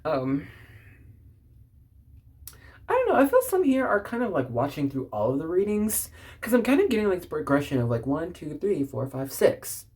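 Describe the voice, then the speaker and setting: Woman, very low mellow voice, giggly rambling tarot reader, casual address to camera. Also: wildly swooping pitch, normal speed, husky. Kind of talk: casual tarot reading to viewers.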